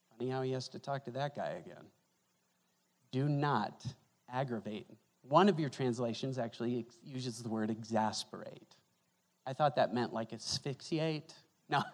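Animated pastor preaching in echoing hall. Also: male voice, medium pitch. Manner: animated, joking, swings from loud to hushed. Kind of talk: sermon. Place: church hall. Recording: long reverb of a hall.

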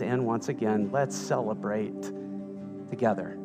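A man preaching a sermon as pastor, playful and animated as he tells a story. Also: medium pitch, moderate pace. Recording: reverberant hall with music underneath.

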